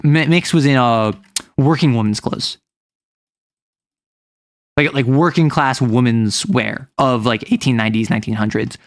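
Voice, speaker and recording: A man's voice: mid-range voice, dry recording, studio quality. A man chatting casually as a game master, rambling and self-correcting, with lots of "like" as filler. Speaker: game master recounting a campaign. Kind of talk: casual chat.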